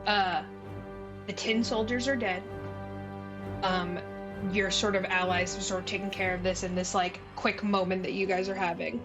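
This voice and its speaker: A woman narrating as dungeon master in a casual, halting way with many fillers. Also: mid-range voice, steady tone, over loud music. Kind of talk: narrating a tabletop game.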